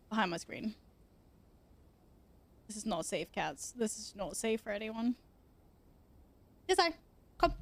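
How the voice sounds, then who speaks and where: Young woman streamer, high voice, dry close mic, casual chat with some swearing, talking to her cats. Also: dry recording. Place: home room at her computer.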